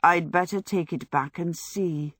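A woman's voice: lowish voice, a little slow, fairly bright tone, husky, no echo, clean studio sound. A woman voicing a vain, theatrical young male wizard in an audiobook, speaking with dramatic exasperation. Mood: exasperated.

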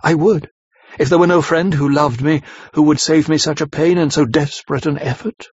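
A man voicing a brave, sorrowful young woman who speaks with quiet, earnest resolve. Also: fairly high pitch, fairly even intonation, normal speed, slightly rough, no room sound, pitched above the performer's own voice. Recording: slightly dull lo-fi recording.

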